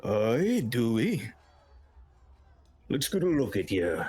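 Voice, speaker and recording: A man voicing a grizzled, battle-weary tall male orc who speaks loudly and gruffly, sizing up a recruit in a tabletop game. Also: medium pitch, very animated, slow, exaggerated voice.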